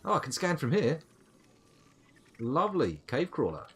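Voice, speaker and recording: A man's voice: a little high, sing-song, brisk, faint music behind. A middle-aged man giving chatty, playful live commentary on his game, talking to the creatures and to himself. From United Kingdom. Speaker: gaming streamer.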